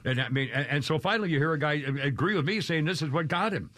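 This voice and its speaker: A man's voice: a little high, animated, fast talker, a bit bright, dry recording. A man hosting a talk radio show in a studio, rambling and opinionated, often laughing and mimicking people. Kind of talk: casual talk radio chat. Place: radio studio with video cameras. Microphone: studio microphone.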